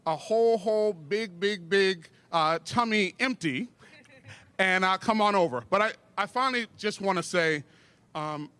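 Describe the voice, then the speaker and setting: A man in his forties speaks at an outdoor plaza rally, leading the crowd in call-and-response and scattering ums through his lines. His voice sits high and sounds bright, and the sound is dry with no room around it. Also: measured pace, clear, resonant tone, dry recording. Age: 40s. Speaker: event speaker, business owner. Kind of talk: public speech at an outdoor rally. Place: outdoor city plaza event.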